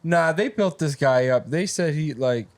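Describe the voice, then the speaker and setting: A man's voice: on the high side, expressive, a little slow, dry recording. A man co-hosting a podcast, chatting in a laid-back, slangy way with short reactions. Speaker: podcast co-host. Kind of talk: casual podcast chat.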